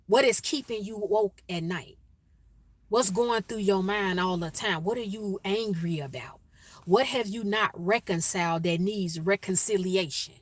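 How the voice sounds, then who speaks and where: An inspirational speaker from Chicago, a woman, shares a personal story and calls on listeners to choose peace. She's animated and emphatic, firing off strings of repeated questions at a medium pitch and unhurried pace, in a dry recording.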